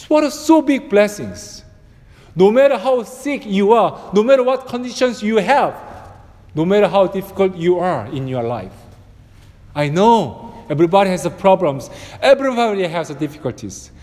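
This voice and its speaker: A man with a high voice and as a delivers a sermon as pastor. He speaks slowly, leaning on repetition to build each point. His voice rings through a long hall reverb. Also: darkish tone. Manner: preaching with repeated phrases and swelling emphasis.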